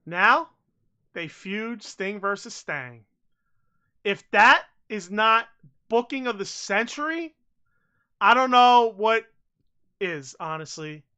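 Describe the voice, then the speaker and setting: A man co-hosting a casual podcast, rambling and excitable, swearing freely and saying bro a lot. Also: high voice, takes it slowly, pauses often, smooth. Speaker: podcast co-host. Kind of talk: casual chat.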